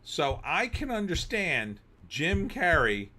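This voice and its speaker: A middle-aged man, hosting a livestream and telling animated stories between reading chat comments, sometimes bursting into shouting. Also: a little high, slow pace. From New Jersey. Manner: animated storyteller, bursts into shouting when riled. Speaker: host.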